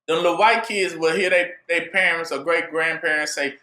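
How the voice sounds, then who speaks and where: A man's voice: a little high, moderate pace, hardly any pauses, bright, forceful tone, reverberant. A man preaching a sermon, driving it with call-and-response and rhetorical questions to his listeners.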